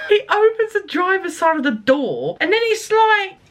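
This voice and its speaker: A woman's voice: very high-pitched, very animated, measured pace, a bit bright. A woman telling a rambling story to her vlog audience, chatty, laughing and swearing along the way. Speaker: vlogger.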